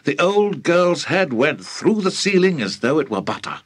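An older British man narrating a children's audiobook with theatrical, highly expressive storytelling. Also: normal speed, slightly rough. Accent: British English. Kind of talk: audiobook reading.

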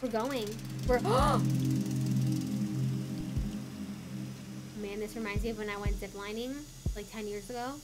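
A woman streaming live gameplay, excitable, gasping often and swearing in delight as she plays. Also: medium pitch, a little fast, few pauses. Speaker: gaming streamer. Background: game music.

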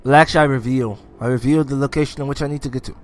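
A man giving casual gameplay commentary, excitable, swearing often and taunting enemies as he plays. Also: mid-range voice, very fast, no echo.

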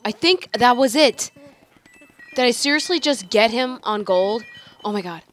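A young woman giving gameplay commentary into a desk microphone, excitable and quick to swear in bursts of frustration. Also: fairly high pitch, a little hiss or hum. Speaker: let's play host.

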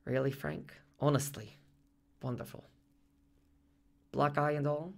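A man's voice: fairly high pitch, steady tone, unhurried, creaky. A man voicing an elated young woman patient in a radio play, who talks in eager, breathless exclamations and questions. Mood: anxious.

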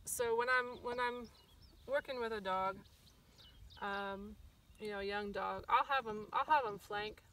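A woman's voice: medium pitch, measured pace, a bit bright, far from the mic, slight background noise. A woman stockdog trainer giving a casual outdoor lesson on herding dogs, with lots of ums and acted-out corrections. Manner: casual, many ums, acts out dog corrections. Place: outdoors at a rural field. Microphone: phone camera from a distance.

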